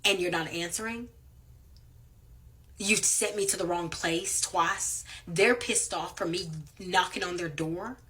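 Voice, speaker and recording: Angry, bright-voiced woman ranting. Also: on the low side, measured pace. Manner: angry, blunt, profane. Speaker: delivery driver. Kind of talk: ranting to camera.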